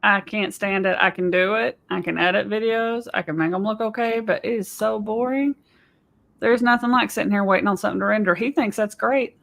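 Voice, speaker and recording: Chatty American woman with a gravelly voice. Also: medium pitch, brisk, a bit bright. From United States. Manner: chatty, storytelling, says "right?" and "y'all". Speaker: podcast co-host, business coach. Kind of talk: casual podcast chat.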